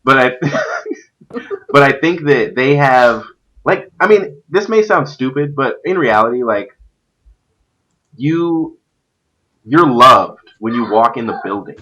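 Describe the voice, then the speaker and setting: Bright-voiced man, rambling casual chat. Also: medium pitch, takes it slowly, long pauses, rough recording. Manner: animated, rambling with many fillers. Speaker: stream host; youth pastor.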